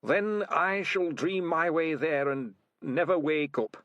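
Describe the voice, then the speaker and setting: A frail old male rat leader at the end of his life, voiced by a man, faint and breathy, drawing out each word in a raised, wavering voice. He sounds worn and weary in a storybook reading, recorded close and dry. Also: a little high, takes it slowly, a bit bright, no echo, lo-fi sound, voice pushed up. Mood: weak, fading.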